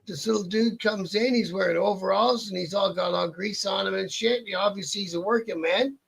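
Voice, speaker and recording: A man tells a long, rambling story as an interview guest, cursing casually and tripping over his own sentences. His voice sits fairly high for a man and has a gravelly, husky edge. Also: fairly quick. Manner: rambling, profane, restarts a lot.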